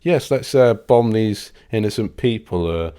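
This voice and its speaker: A man's voice: lowish voice, expressive, measured pace, dark tone, clear, resonant tone. A man doing a mocking impression of a smug, posh older male politician, drawing out some words.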